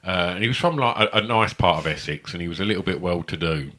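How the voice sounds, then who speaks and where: A man's voice: deep voice, animated, fast talker, pushed and bright. A middle-aged man, co-hosting a comedy podcast, telling rambling, sweary stories and laughing often. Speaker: podcast co-host. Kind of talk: casual chat.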